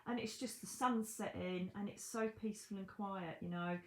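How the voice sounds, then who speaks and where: A British woman, a psychic medium, chatting casually to camera from home, animated, with asides to the viewer and mild swearing. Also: medium pitch, normal speed, rough recording. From Britain. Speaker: psychic medium and channel host. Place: her own home, indoors.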